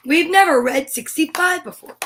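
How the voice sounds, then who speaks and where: A woman's voice: sits high, normal speed, fairly bright tone, slight background noise. A woman hosting a playful mock children's show, talking with bubbly, exaggerated enthusiasm. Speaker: livestream host.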